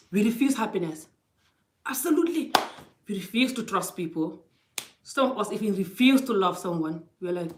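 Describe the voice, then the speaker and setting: Into her phone, a middle-aged woman hands out life advice with casual emphasis, acting out the quoted conversations. Her medium-pitched voice is animated and at normal speed. The recording has a roomy echo and a noisy background.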